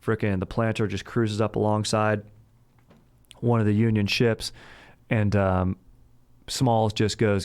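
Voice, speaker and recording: A man's voice: on the low side, level tone, measured pace, pauses often, a little mellow, clear, resonant tone, no room sound. A man casually telling a history story as a podcast host, laid-back and slangy, rambling with lots of fillers. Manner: slangy and laid-back, says "dude" and "frickin'" a lot; rambling, with many fillers and restarts.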